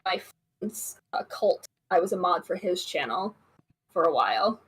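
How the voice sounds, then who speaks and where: A woman's voice: lowish voice, lively intonation, a little slow, a bit bright, slightly rough. A woman who is an artist, a guest on a casual stream, talking in an easygoing, rambling way with many fillers.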